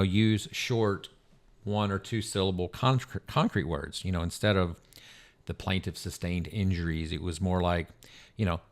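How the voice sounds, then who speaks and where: Low-voiced man chatting casually. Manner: conversational, many fillers. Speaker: podcast co-host, lawyer. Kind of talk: casual professional chat.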